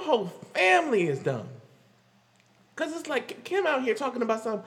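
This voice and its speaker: Vlogger, male, high voice, rambling laugh-filled celebrity commentary, echoing room. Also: wildly swooping pitch, normal speed. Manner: rambling, laughing often, stammering restarts. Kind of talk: casual pop-culture commentary.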